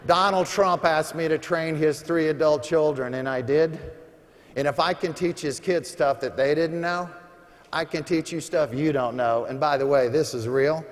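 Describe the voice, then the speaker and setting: Brash male seminar speaker in an arena. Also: a little high. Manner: brash, joking, punchy. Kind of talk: sales pitch to a live audience. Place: large arena. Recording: long reverb of a large arena.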